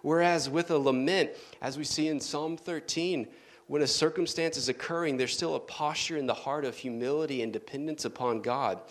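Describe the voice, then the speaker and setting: A man preaching a sermon in an earnest manner, dropping to soft, low tones for emphasis. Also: moderate pace.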